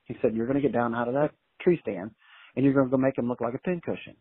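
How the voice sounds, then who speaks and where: A man telling a long story in a casual, colloquial and animated way as an interview guest, heard over a phone line. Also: mid-range voice, fast, husky, dry recording. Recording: tinny dry phone line.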